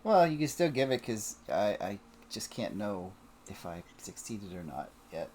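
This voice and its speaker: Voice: sits low, sing-song, a little slow, a little mellow, a little hiss or hum. Playful player describing moves. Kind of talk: casual tabletop play.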